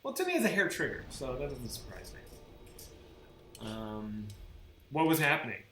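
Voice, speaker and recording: While streaming a game, a man chats casually, rambling, swearing, and restarting his sentences often. His mid-range voice is very animated and fairly bright at a measured pace, in roomy sound with faint background noise.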